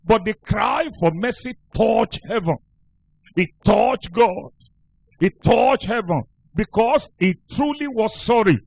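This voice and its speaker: A man's voice: high-pitched, animated, slow, creaky, slightly rough, poor audio. A male pastor preaching a sermon, telling a story with emphatic delivery.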